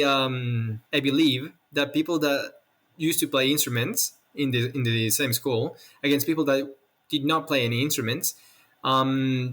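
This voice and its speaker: A man's voice: medium pitch, fairly bright tone. Venezuelan man chatting as a podcast guest. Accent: Venezuelan Spanish. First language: Spanish. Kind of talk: casual interview chat.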